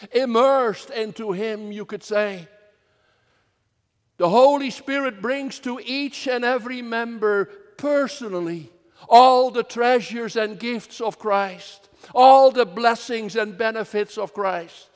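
Minister, male, earnest measured sermon, very high voice, echoing hall. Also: smooth. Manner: slow, earnest preaching with swells of emphasis. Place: church.

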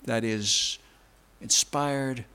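A man's voice: extremely slow, clear, resonant tone. A male pastor preaching a sermon, emphatic and repetitive, leaning hard on key words. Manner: emphatic, repetitive preaching with big swings in pitch and loudness.

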